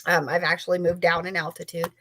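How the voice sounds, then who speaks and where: A woman's voice: fairly low pitch, level tone, quick pace, fairly bright tone, a little hiss or hum. A woman author talking as a guest, rambling through a story with lots of fillers. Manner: rambling, filler-heavy, chatty. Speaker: author and paranormal investigator guest. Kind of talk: casual storytelling interview.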